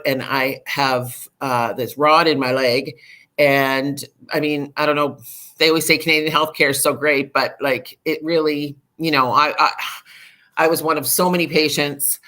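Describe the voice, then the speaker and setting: Here a middle-aged woman's voice sits low while she talks frankly, as a podcast guest, about recovering from something personal. The delivery is spirited and full of fillers.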